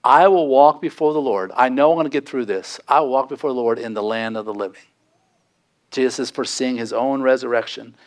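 A man's voice: medium pitch, brisk. A man preaching a sermon, earnest and pleading, his voice climbing for emphasis. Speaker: pastor.

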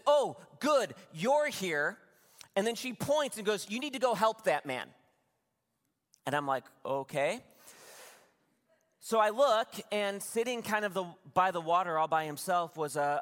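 Youngish guy pastor preaching, chatty and confiding, slightly high voice, long echo off a big room. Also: a bit bright. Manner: conversational, confiding, with restarts and asides to the congregation. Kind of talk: sermon storytelling. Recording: long reverb from a large room.

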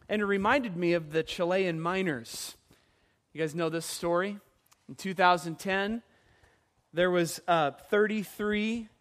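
A man preaches as pastor in an animated way, throwing questions out to his congregation. His voice sits high.

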